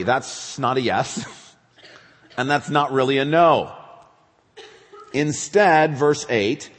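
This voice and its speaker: A male pastor preaching a sermon, animated, acting out questions in quick bursts. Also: mid-range voice. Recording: reverberant church hall.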